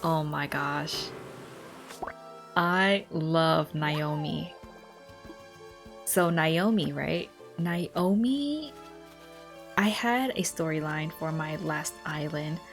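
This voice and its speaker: Slow, low-voiced chatty woman gamer. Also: lively intonation. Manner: chatty, rambling, talks to game characters; apologetic, self-deprecating asides. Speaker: gaming vlogger. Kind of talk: late-night cozy gameplay commentary. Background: soft background music.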